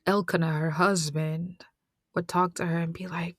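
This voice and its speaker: A woman's voice: lowish voice, level tone, normal speed, no room sound, clean studio sound. A woman retelling a story in a conversational, slangy way with whispered asides.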